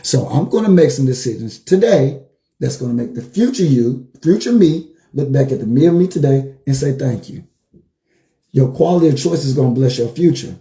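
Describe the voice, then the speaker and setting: A man giving a motivational livestream talk as a life coach, telling stories with animated energy and repeating his phrases for emphasis. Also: mid-range voice, brisk, echoey room.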